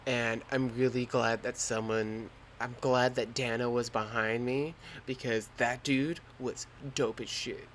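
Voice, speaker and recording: A young man hosting a podcast, telling a story in a lively, slangy and profane way. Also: mid-range voice, unhurried, few pauses, a little hiss or hum. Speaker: podcast host. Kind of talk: casual storytelling.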